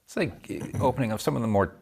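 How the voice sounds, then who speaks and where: A man co-hosting a podcast in a studio, calmly describing tasting notes in a measured, careful way. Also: medium pitch, vocal fry, slightly rough. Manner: measured, descriptive, weighing words. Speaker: podcast co-host. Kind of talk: casual tasting chat.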